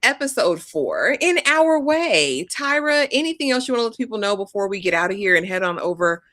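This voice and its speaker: A woman hosting a live TV recap show, relaxed and conversational as she trades thoughts and closes things out. Her voice is mid-pitched. The sound is close and dry with no room echo. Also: brisk. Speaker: host. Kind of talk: casual TV recap chat.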